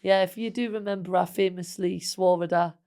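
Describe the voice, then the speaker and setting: A woman's voice: on the low side, fairly even intonation, brisk, dark tone, clean tone. A woman who hosts a podcast, chatting casually and teasing her guest. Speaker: podcast host. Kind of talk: casual chat.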